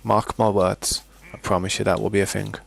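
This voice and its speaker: A man's voice: lowish voice, flat delivery, normal speed, creaky. A British man streaming a game live, chatting casually with viewers, often restarting his sentences and calling them mate and boys. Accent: British English. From Britain. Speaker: gaming streamer. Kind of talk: casual live gameplay commentary.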